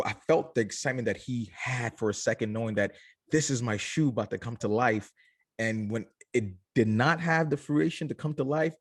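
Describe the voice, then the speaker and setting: A young adult man, a company founder, telling his story in an interview, animated and acting out family voices. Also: mid-range voice, no echo, studio quality.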